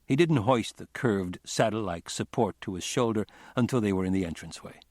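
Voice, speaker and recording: Male narrator, low pitch, dry booth sound, understated crime read. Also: fairly quick, a little mellow, no room sound. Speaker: audiobook narrator. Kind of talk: scripted narration.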